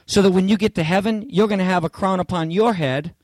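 A man delivers a sermon with insistent repetition, climbing in pitch and force on the phrases he stresses. His voice sits a little high for a man. The sound is dry and close, with no room echo. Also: quick pace. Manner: emphatic, repetitive, rising to near-shouts on key phrases. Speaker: pastor. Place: church.

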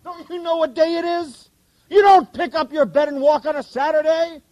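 A nitpicking male religious official, put on by a preacher, scolds in a high, shrill voice that leaps far above his usual talk. The tone stays mellow and the sound is dry and close. He is indignant and fussy about rules. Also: steady tone, moderate pace, dry recording.

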